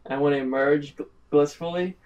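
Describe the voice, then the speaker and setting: A goofy young man chats and jokes at a tabletop game, talking through his rolls with a grin in his voice. His pitch sits slightly high for a man. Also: fairly even intonation, fairly quick, a little mellow, muffled recording, a little hiss or hum. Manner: goofy, joking. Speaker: player. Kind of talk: casual tabletop play.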